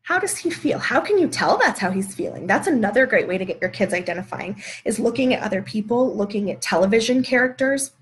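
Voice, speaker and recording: A woman's voice: medium pitch, lively intonation, quick pace, hardly any pauses. Brief: woman, parenting educator, chatty live-stream teaching tone, talks through sample conversations. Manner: conversational, works through example dialogues. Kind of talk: live video teaching talk.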